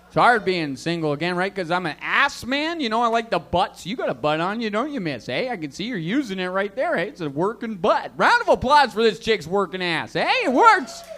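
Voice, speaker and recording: A man's voice: sits high, big pitch swings, fairly quick, hardly any pauses, bright, forceful tone. A man performing stand-up, crude and teasing audience members directly. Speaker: stand-up comedian. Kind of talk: stand-up comedy set.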